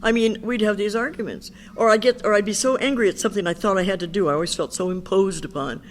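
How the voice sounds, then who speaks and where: Talking fast in a medium-pitched voice against slight background noise, an older woman recounts her story at an Al-Anon meeting. Her recovery talk is chatty and frank, sprinkled with quotes of what people told her.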